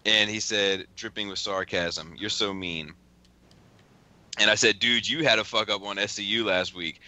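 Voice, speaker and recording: A man's voice: fairly low pitch, steady tone, normal speed, pushed and bright. A man hosting a podcast, casually reading out text messages with a lot of cursing and laughing. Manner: profane, laughing often while reading. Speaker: podcast host.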